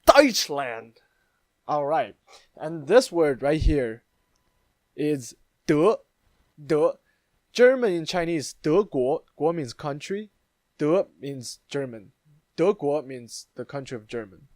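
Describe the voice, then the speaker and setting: A man's voice: fairly high pitch, animated, takes it slowly, pauses often, darkish tone, no echo. A man hosting his own channel, chatting casually as he explains internet memes, with plenty of fillers and restarts. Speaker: YouTube host. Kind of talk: casual meme commentary.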